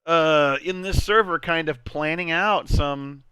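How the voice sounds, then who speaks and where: A man's voice: on the high side, a little slow, pushed and bright, clear, resonant tone, no room sound, clean studio sound. A man hosting a casual game stream, playful and rambling, laughing often between his words. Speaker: streamer host.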